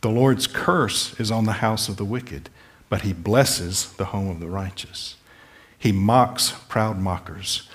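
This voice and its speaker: A man preaching a sermon, earnestly pleading with listeners and restating scripture in plain words. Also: fairly low pitch. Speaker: pastor.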